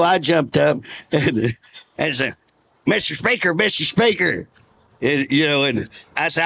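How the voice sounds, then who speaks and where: A man's voice: a little high, creaky, a bit bright, lo-fi sound. A man, a state representative telling folksy stories in a casual interview and chuckling often.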